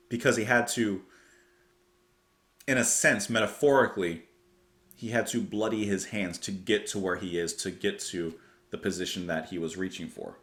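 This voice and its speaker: A man's voice: fairly low pitch, a bit bright, roomy sound. A man hosting a casual music reaction video, thinking aloud about lyrics in a rambling way and often correcting himself. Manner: thoughtful, rambling, self-correcting. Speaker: music reaction channel host.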